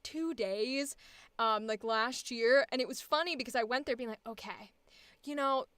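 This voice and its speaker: A young woman with a high, bright voice, talking in a giggly, rambling way full of fillers. The sound is dry and close, with no room around it, as she chats casually during a coaching session. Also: normal speed, clear, resonant tone, no echo. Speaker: voice actor being coached. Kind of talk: casual chat.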